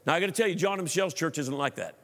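A pastor delivers a sermon with earnest, preacherly emphasis, often repeating words as he tells a story. His voice sits a little high for a man. The sound carries a long reverb from a large church sanctuary. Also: racing, fairly bright tone, slight background noise.

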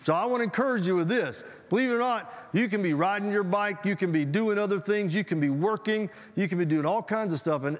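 A man preaching a sermon as pastor, folksy and conversational, often asking the congregation questions. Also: sits high. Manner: folksy, conversational preaching with audience call-outs. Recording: reverberant hall sound.

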